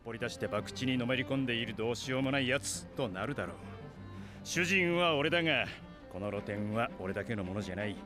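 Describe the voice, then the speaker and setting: A man's voice: medium pitch, animated, very fast, music in the background, natural voice. An actor playing a cautious grown male shopkeeper in an anime, blunt and skeptical.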